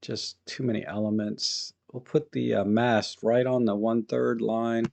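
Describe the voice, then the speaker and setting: Gravelly man editing photos live. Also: mid-range voice, measured pace, slight background noise. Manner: thinks aloud while working, relaxed and chatty; greets viewers in chat. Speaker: photography live-stream host.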